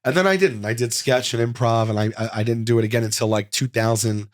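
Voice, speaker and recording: A comedian in his forties tells a long story to an interviewer, his pitch sitting at an ordinary middle register. He talks in an animated, rambling flow, doubling back with fillers and restarts. The studio sound is dry and close, with almost no room echo. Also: quick pace. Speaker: comedian guest.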